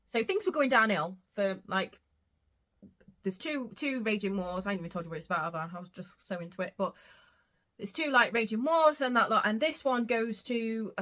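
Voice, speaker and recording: A woman's voice: a little high, a bit bright. A young woman chatting casually about books she read, gushing and emotional, swearing freely. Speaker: book vlogger. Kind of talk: casual chat.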